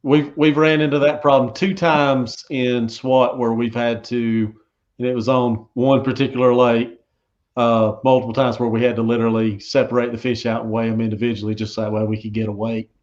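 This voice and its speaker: A man hosting a live fishing interview show, talking in a relaxed, folksy way. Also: medium pitch, normal speed. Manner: relaxed, folksy, repeats himself. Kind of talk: casual live-stream interview. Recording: dull lo-fi stream audio.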